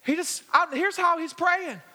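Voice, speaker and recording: Male guest preacher, high bright voice, animated storyteller, big reverberant church hall. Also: measured pace. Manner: animated storytelling with humor, acting out scenes. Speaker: guest pastor. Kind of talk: sermon. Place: church sanctuary. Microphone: handheld or stage microphone.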